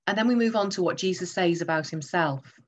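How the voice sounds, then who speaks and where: A woman's voice: fairly low pitch, brisk. A woman preaching a sermon, emphatic and teaching through rhetorical questions.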